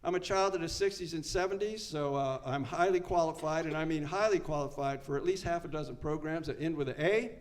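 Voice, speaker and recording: An older man from Maryland tells his story of addiction and recovery to a meeting room full of listeners. He talks in a casual, storytelling way with a touch of self-deprecating humor. His voice sits a little on the high side for a man. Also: fast talker, hardly any pauses. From Maryland, United States. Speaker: AA speaker. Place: meeting room before a live audience.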